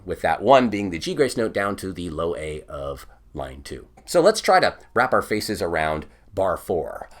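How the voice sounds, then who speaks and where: A man's voice: fairly low pitch, big pitch swings, a little fast. A man giving an online bagpipe lesson, patiently explaining each step and singing counts aloud. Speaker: bagpipe teacher.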